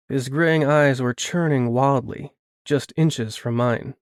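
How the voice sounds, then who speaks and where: A male audiobook narrator reading first-person fiction in a measured, steady way. His voice sits mid-range and the recording is close and dry, with no room around it. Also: medium pitch, dry recording.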